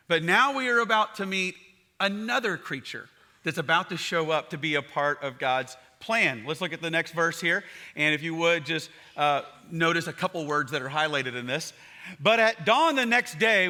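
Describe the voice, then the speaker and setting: A pastor preaching a sermon, telling the story with humor and acting out the characters in playful voices. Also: male voice, high-pitched. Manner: animated storytelling, acts out characters in funny voices.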